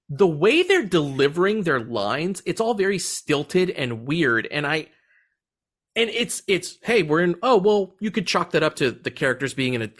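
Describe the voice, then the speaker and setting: A man's voice: a little high, a bit bright. A man hosting a movie podcast, chatting casually and animatedly, swearing now and then and laughing often. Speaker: podcast host. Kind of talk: casual movie review chat.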